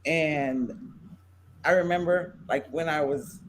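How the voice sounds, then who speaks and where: A mother talking as a guest on a panel, excitable and expressive. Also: deep voice, slow, noisy background. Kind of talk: casual panel chat.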